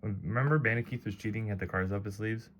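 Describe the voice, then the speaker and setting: A man's voice: on the low side, fast talker, a little hiss or hum. A man casually explaining his card collection to his wife, chatty and playful, full of comparisons. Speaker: teacher of a card game.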